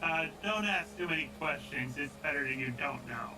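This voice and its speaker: A man's voice: fairly high pitch, lively intonation, moderate pace, recorded from a distance, over loud music, rough recording. A man playing a tabletop game, talking casually with some hesitation. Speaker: player.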